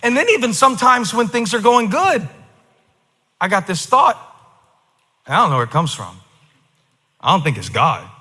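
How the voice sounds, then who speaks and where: Emphatic high-voiced male preacher. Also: sing-song, normal speed, long pauses, slightly rough. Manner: emphatic, swings between quiet asides and shouted declarations. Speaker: pastor. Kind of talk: sermon. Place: large church auditorium. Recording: reverberant large hall.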